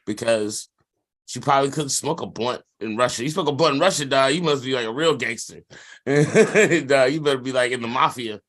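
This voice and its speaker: A man's voice: medium pitch, moderate pace, fairly bright tone. A man co-hosting a sports podcast in casual chat, rambling with lots of fillers and slang and laughing often. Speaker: podcast co-host.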